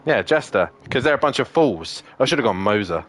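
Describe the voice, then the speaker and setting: Young guy streaming racing games, swears nonstop, pitch jumps all over the place. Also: big pitch swings, moderate pace, a bit bright. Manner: sweary, ranting, frequently exasperated. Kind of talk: casual gaming chat with friends.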